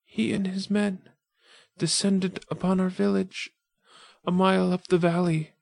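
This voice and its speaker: A man's voice: sits high, flat delivery, a little slow, vocal fry, a little mellow, no room sound, voice pushed up. A man voicing a gasping dying young girl. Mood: gasping, pleading. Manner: gasping, faltering breaths. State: weak and fading. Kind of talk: audiobook character voice.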